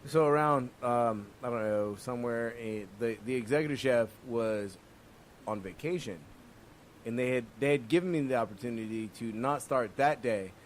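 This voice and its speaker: A man who works as a chef, co-hosting a casual podcast, cracking dry jokes and then telling a calmer story of his own. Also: mid-range voice, moderate pace, a little hiss or hum. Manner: dry joking interjections, quieter when narrating.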